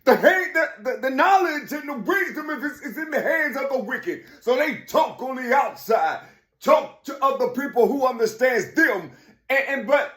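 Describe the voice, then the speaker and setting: Man, rambling monologue, repeats himself, curses a lot, jumps from loud to hushed and back. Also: very high voice. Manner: repetitive, keeps saying "you see"; profane, swings between loud and quiet.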